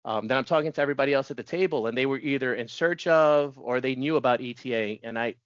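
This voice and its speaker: A man in his forties telling his story as a podcast guest, chatty and quick to laugh, often restarting sentences. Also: mid-range voice, clear, resonant tone, dry recording. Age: 40s. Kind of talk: casual storytelling interview. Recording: dull dry lo-fi audio.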